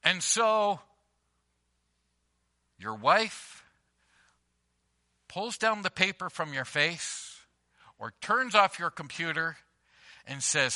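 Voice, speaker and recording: This pastor's slightly high voice is bright and forceful, with a sing-song lilt, a slow pace and long pauses. Preaching to a church congregation, he shares everyday stories emphatically and conversationally, circling back to repeated phrases.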